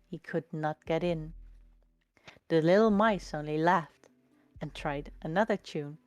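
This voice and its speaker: A woman reading a storybook aloud in a slow, lilting, expressive way. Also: on the low side, no echo.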